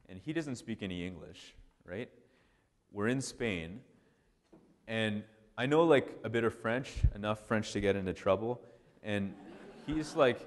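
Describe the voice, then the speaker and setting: A man, a priest, giving a casual, animated storytelling talk full of restarts and "like". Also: lowish voice. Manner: animated, conversational, many restarts and "like". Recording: long hall reverb.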